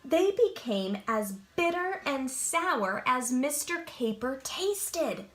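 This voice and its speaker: A woman librarian reading a picture book aloud to preschoolers, slow and expressive, asking the children questions. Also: high voice, reverberant. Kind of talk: preschool story time read-aloud.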